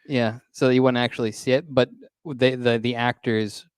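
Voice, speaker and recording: Halting man chiming into casual chat. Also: mid-range voice, level tone, clear, resonant tone, dry recording, studio quality. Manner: halting, searching for words, chiming in. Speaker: podcast co-host.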